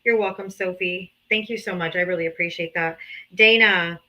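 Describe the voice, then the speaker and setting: Her pitch fairly low and her tone steady, bright, and forceful, this woman speaks at a normal speed, though the highs are cut off. Hosting a livestream on her streaming setup, she reads out donations and gives casual, emotional thanks, occasionally laughing or sighing.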